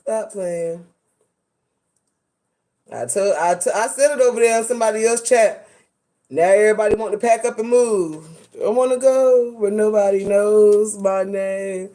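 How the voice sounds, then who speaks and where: A woman's voice: mid-range voice, moderate pace, warm tone. A woman hosting a casual commentary vlog, sassy and dramatic, full of slang. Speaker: host.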